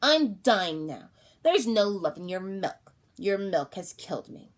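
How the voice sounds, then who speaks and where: A woman voicing a slow, reproachful dying infant. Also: fairly low pitch, lively intonation, darkish tone, breathy edge.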